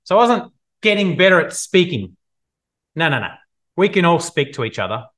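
Energetic male coach in his thirties, motivational live-stream delivery. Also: on the high side, moderate pace. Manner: energetic, animated, acts out scenes. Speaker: business coach. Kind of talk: motivational live video talk.

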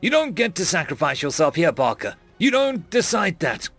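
A man voicing a defiant young male survivor who yells and growls at his allies in an audiobook reading. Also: sits high, big pitch swings, fast, creaky, slightly rough, dry recording, soft background music, voice pushed up, exaggerated voice. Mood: fierce. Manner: yelling, growling.

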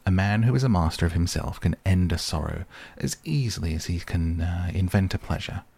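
A man's voice: low-pitched, animated, fairly quick, creaky, a little mellow, breathy edge, heavily acted. A man voicing a cool, self-absorbed young male aesthete who speaks in a languid, lecturing tone.

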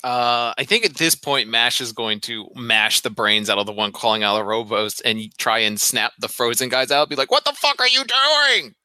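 A man playing a tabletop game, joking and lively as he describes his character's moves. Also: mid-range voice, normal speed, few pauses, smooth, no echo. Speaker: player.

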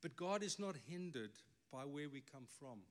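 A man's voice: on the high side, expressive, normal speed. A middle-aged man with a South African accent, a native Afrikaans speaker, preaching a sermon with emphatic delivery and wry asides. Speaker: pastor.

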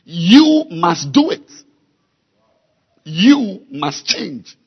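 A man preaching a sermon, slow and emphatic, repeating key words and building to loud exhortation. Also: high voice, very animated, vocal fry, breathy edge, lo-fi sound. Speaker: pastor.

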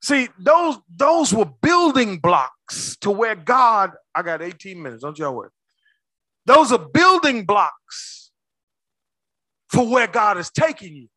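Very animated yet slow, a male preacher uses his high, bright voice to swing from booming shouts to near-whispers during his sermon. He calls out to the congregation, and the recording is close and dry.

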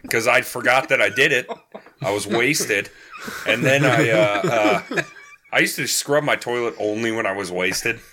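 A young man hosting a casual comedy podcast, telling crude stories with deadpan asides. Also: mid-range voice, moderate pace, slight background noise. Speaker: podcast host.

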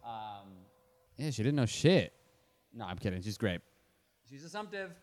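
Man co-host, animated sing-song delivery, quick jokes, easy laughter. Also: mid-range voice. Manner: playful, quick riffing, laughs often. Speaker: podcast co-host. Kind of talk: casual comedic chat.

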